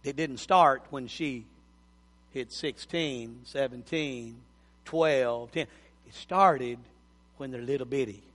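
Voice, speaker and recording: A man's voice: mid-range voice, slow pace, a bit bright. A man, preaching a folksy sermon as pastor and often repeating words for emphasis. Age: 50s. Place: church sanctuary. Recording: long church hall reverb.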